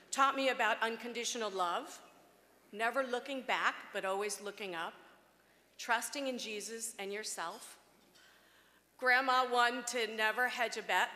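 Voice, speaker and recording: Woman in her 50s giving a heartfelt thank-you speech, bright voice, lots of ums, echoey big hall w/ faint noise. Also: on the high side. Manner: heartfelt, with frequent ums and restarts. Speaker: award honoree. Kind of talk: acceptance speech. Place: gala banquet hall.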